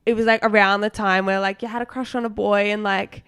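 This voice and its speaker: A woman in her twenties co-hosting a podcast, telling stories in a casual, animated way, full of "like" and acted-out quotes. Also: mid-range voice, fairly quick, smooth. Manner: animated storyteller, lots of "like", acts out quotes. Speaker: podcast co-host. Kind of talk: casual chat.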